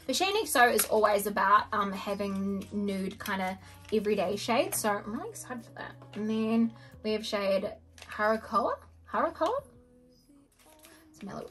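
A young woman vlogging a makeup unboxing at home, her voice sitting a little high. She talks casually and excitably, gasping at colors and sometimes slipping into a soft whisper. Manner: gushing, excitable, frequent gasps and soft whispers. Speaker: beauty vlogger.

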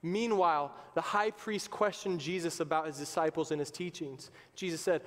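A man's voice: a little high, moderate pace, hardly any pauses, a bit bright. A male pastor preaching a sermon in an emphatic, conversational way, in a church sanctuary. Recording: long reverb of a church hall.

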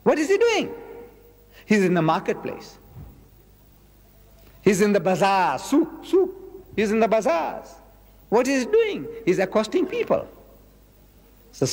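A man delivers a public lecture in a highly dramatic way, acting out dialogues and asking rhetorical questions. His voice sits high and swings widely in pitch. A long reverb from the hall trails his words. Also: wildly swooping pitch, moderate pace, long pauses, darkish tone. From South Africa. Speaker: Islamic lecturer.

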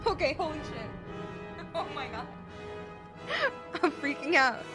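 A young woman streaming a video game, reacting excitedly, swearing and shrieking in surprise. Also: sits high, slow pace. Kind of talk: live gameplay reactions. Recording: game music loud behind her.

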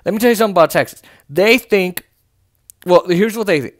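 A man delivers casual political commentary in an animated, emphatic way, repeating words for emphasis and throwing in mocking, sarcastic asides. His voice is high-pitched and fairly quick.

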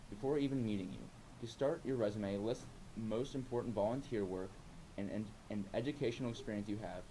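A teenage boy reads a school career announcement with a few stumbles. His voice is low and mellow. A faint hiss sits behind the recording. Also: poor audio. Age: teens. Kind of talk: reading an announcement.

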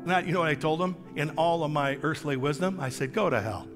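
A man in his sixties, a guest pastor preaching a sermon with a personal testimony, telling his story in an animated way with self-deprecating humor. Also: fairly high pitch, quick pace, in a large hall, over loud music. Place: church sanctuary.

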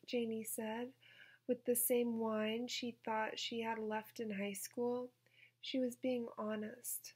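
A woman reading her own absurd short story aloud in a soft, deadpan way. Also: on the high side, slow, breathy edge.

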